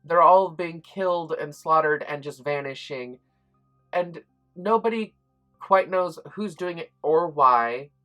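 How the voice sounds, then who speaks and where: A woman's voice: low-pitched, slow pace, fairly bright tone, faint music behind. A woman giving a chatty, enthusiastic spoken review of a book, with frequent ums and restarts.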